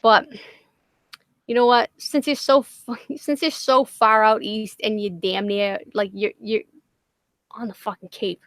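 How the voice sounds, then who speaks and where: With a medium pitch and a steady tone, this Boston-accented livestream host from Massachusetts speaks unhurriedly with no room sound. She rambles through a casual stream, swearing nonstop and cracking jokes at her own expense.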